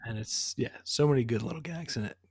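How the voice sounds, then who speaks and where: A man's voice: medium pitch, quick pace, a little mellow, breathy edge, no room sound, clean studio sound. A man co-hosting a podcast, talking thoughtfully about films with some hesitation and self-deprecating humour. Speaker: podcast co-host. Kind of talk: casual chat.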